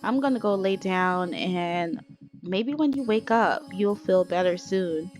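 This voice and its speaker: A woman's voice: medium pitch, measured pace, darkish tone, soft background music, close to an everyday voice. A woman voicing a sweet, caring best friend.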